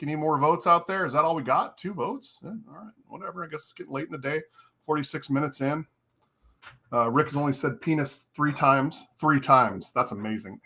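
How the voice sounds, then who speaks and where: A man's voice: a little high, bright, forceful tone. A man hosting a casual podcast chat, joking and teasing his co-hosts. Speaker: podcast host.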